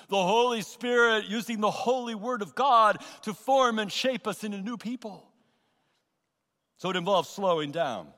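Man, pastor, sermon, earnest, emphatic, slow delivery, long church reverb. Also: high voice, fairly bright tone. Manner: earnest, emphatic preaching with pauses and repetitions. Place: church sanctuary.

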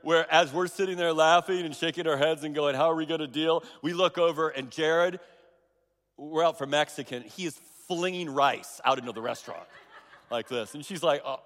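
Telling stories from the pulpit, this middle-aged male pastor restarts his sentences and repeats himself emphatically. His voice is a little high and a bit bright, at a moderate pace, and it echoes with the long reverb of a large hall.

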